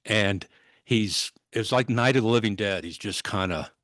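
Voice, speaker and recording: A man in his sixties, a former police officer, vividly recounting a call as a podcast guest, with many halting restarts. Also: fairly low pitch, a bit bright, no room sound. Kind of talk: conversational storytelling.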